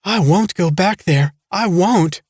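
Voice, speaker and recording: A man's voice: sits high, slow, darkish tone, husky, no echo, studio quality, pitched above the performer's own voice, exaggerated voice. A man voicing a hysterical, terrified woman camp cook who shrieks in panic. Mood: panicked shrieking.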